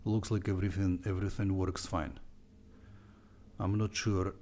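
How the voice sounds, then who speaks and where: A man with a heavy Russian accent, a Russian native speaker, walking through his course on a live stream in a playful, animated way. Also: deep voice, moderate pace, a little hiss or hum. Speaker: online language teacher.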